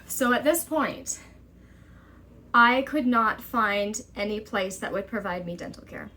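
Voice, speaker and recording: A woman's voice: mid-range voice, lively intonation, sharp tone. A young woman vlogging a personal story to camera, urgent and exasperated, quoting others as she goes. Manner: urgent, exasperated retelling with quick quoted dialogue.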